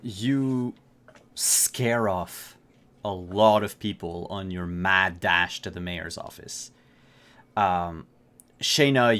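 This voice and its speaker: A man running a tabletop game as game master, narrating in a relaxed way with frequent fillers. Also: lowish voice.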